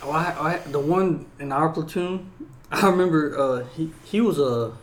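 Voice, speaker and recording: A man's voice: a little high, normal speed, a little hiss or hum. A man co-hosting a casual chat, throwing in slangy reactions and swearing freely. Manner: frequent slangy backchannels, swears. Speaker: podcast co-host.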